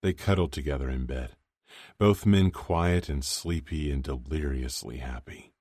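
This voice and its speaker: A man reads an audiobook in a measured, even way. His voice is very deep. The recording is dry and close. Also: no room sound. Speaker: audiobook narrator. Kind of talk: scripted narration.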